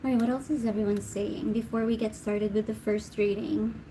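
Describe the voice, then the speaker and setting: A woman's voice: mid-range voice, steady tone, moderate pace, background noise. A woman hosting a live tarot Q&A stream, chatting casually, laughing often and reading viewer comments aloud. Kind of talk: casual livestream chat.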